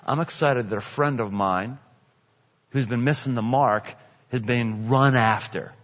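Bright-voiced pastor preaching in a hall. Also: male voice, mid-range voice, unhurried. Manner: conversational storytelling with repeated phrases. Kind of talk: sermon. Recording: echoey hall, dull lo-fi sound.

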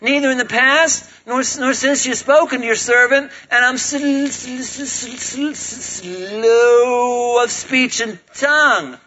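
Brief: timid old Moses, stammering and panicky, high and bright, a man doing the voice. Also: takes it slowly, few pauses, dull audio, slight background noise, heavily acted. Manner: stuttering, whiny, panicky.

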